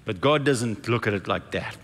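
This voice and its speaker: Bright-voiced male preacher in a reverberant hall. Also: fairly low pitch, animated, moderate pace. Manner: conversational preaching, acts out quoted voices. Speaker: pastor. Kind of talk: sermon. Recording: long reverb of a large hall.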